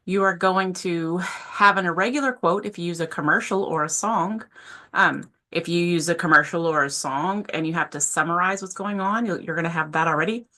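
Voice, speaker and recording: A woman's voice: fairly low pitch, normal speed, bright, forceful tone. A woman instructor giving a casual, informal screen-share tutorial from a home office, often correcting herself mid-sentence. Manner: chatty, self-correcting, informal. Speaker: composition instructor.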